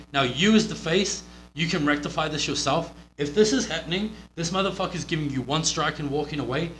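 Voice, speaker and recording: New Zealand man, wrestling coach, profane and rambling, slightly high voice, echoey room. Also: fairly bright tone. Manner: blunt, profane, rambling with many fillers. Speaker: wrestling coach reviewing a match. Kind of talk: casual match review. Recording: roomy with faint hum.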